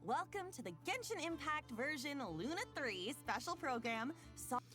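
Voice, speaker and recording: A woman's voice: high voice, expressive, moderate pace, sharp tone. A woman hosting a scripted game broadcast in a cheerful, giggly manner. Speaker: program host. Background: background music.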